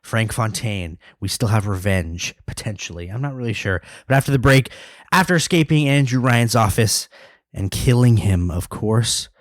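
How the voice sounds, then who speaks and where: A man's voice: lowish voice, animated, moderate pace, no room sound. Podcast host, male, playful and chatty, dry close sound. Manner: playful, wraps up segments. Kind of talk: casual podcast chat.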